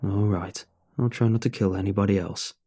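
A man's voice: fairly low pitch, steady tone, moderate pace, dark tone, slightly rough. A man voicing Gary, a blunt, wry, seasoned man in a horror story.

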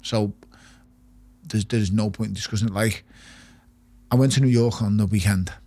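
A man's voice: on the low side, fairly even intonation, normal speed, dark tone. A middle-aged man, a retired boxer talking candidly in an interview, blunt and swearing. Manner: blunt, swears often, repeats words when emphatic. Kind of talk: candid podcast conversation.

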